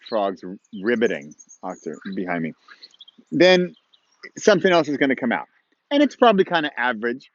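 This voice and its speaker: A man's voice: fairly high pitch, dry recording, dull audio. A man hosting his own show in casual, encouraging talk, chatty and rambling with playful asides, recorded outdoors at dawn. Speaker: host of a motivational podcast-vlog.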